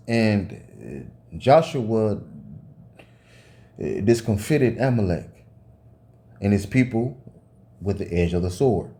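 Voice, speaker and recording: Man, informal preacher, profane, slow drawl, mellow low timbre. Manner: profane, tags phrases with "man", rereads and corrects himself. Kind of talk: informal scripture reading and ranting sermon.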